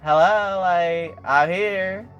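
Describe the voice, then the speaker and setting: Man putting on a high-pitched, flustered teen girl in a recap, quick questions. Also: a bit bright, dull audio, faint music behind, full character voice. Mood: puzzled. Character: flustered teenage girl at her birthday.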